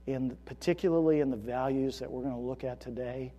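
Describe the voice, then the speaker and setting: A man's voice: medium pitch, fairly even intonation, brisk, breathy edge. Earnest preaching man in a hall. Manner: earnest, rising to emphatic storytelling then hushed. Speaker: pastor. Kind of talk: sermon.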